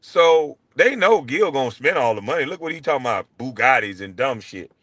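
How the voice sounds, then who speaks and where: A middle-aged man sounds off as host of his own stream, blunt and full of profanity. His delivery keeps swinging between low, grumbling asides and loud outbursts, at a mid pitch. The voice is dry and close, with no room around it. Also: animated, fairly quick, dry recording. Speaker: show host. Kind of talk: heated livestream rant.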